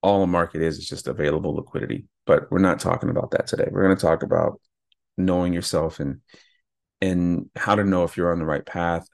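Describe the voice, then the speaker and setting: A man's voice: sits low, fairly even intonation, a little fast, gravelly, a little mellow, no room sound, studio quality. A man hosting an unscripted solo podcast, talking in a casual, rambling way and often correcting himself mid-sentence. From California. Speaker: podcast host.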